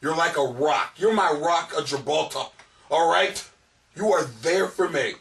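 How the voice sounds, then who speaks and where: A man's voice: on the high side, unhurried, vocal fry, fairly bright tone, distant mic, slight background noise. A man hosting a comedic advice podcast, rambling and crude, often laughing at his own jokes. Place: home basement.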